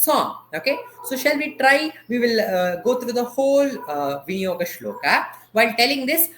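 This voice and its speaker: Patient dance teacher. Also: male voice, sits high, fairly bright tone, roomy sound. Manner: patient, asks questions and has students repeat terms. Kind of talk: online class, call-and-response teaching. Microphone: video call.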